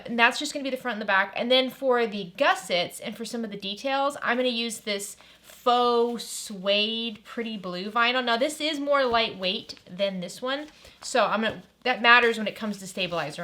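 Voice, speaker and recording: Bright, bubbly woman teaching sewing. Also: a little high, normal speed. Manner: bubbly, chatty, enthusiastic. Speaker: sewing pattern designer and channel host. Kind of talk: casual sewing tutorial.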